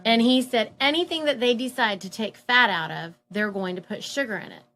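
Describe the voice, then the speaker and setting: A woman casually telling a personal story, animated and full of fillers, acting out the voices of people she quotes. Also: fairly high pitch, fairly quick. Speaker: guest telling her story.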